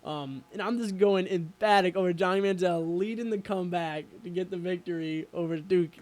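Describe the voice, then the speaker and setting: This is a young man with a high, light voice, chatting about sports on a radio show. He rambles eagerly and fills his story with likes and uhs, getting worked up as he goes. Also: brisk. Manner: excitable, rambling storyteller with many fillers. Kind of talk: casual sports chat.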